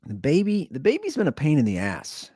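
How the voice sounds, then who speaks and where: A man's voice: fairly high pitch, wildly swooping pitch, brisk, warm tone, slightly rough, no room sound, clean studio sound. A tired man hosting a podcast, talking in a blunt, rambling casual monologue full of restarts. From Cincinnati area. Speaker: podcast host.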